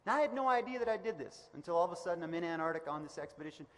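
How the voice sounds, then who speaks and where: A man giving a motivational commencement speech in a large hall, energetic and emphatic, building to loud repeated declarations. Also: a little high, rapid-fire, a crowd in the background. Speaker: commencement speaker. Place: large indoor event hall. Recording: echoey hall reverb.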